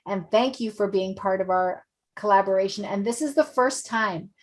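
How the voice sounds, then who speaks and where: A woman's voice: mid-range voice, moderate pace. A woman hosting an online event, gushing and effusive, repeating her praise. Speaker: event host.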